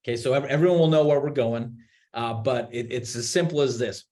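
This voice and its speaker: A man on a video call webinar, explaining real estate marketing in an animated way, with many restarts and repeated words. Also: medium pitch, brisk. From Utah. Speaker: marketing executive guest.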